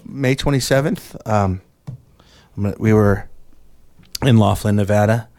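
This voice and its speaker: A man's voice: on the low side, measured pace, darkish tone. Joking mock-sentimental man. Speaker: podcast co-host. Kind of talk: casual banter.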